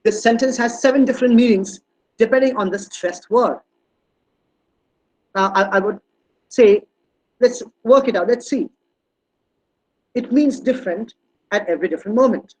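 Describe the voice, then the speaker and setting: A man's voice: very high-pitched, moderate pace, long pauses, darkish tone, poor audio. A man giving an online teacher-training talk, hesitant with many fillers and restarts, and leaning hard on stressed words when he demonstrates them. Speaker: guest speaker on language teaching.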